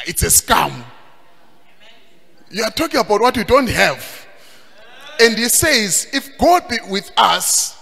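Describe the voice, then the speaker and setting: A man preaching a sermon, emphatic and sing-song, rising at times to shouts. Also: sits high, gravelly. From Zimbabwe. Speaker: pastor. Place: church hall. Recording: long hall reverb.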